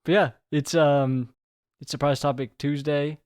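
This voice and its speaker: A man's voice: on the high side, little pitch movement, unhurried, darkish tone, clear, resonant tone, no room sound, studio quality. A young man co-hosting a podcast, trading jokes and teasing banter in casual chat. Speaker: podcast co-host.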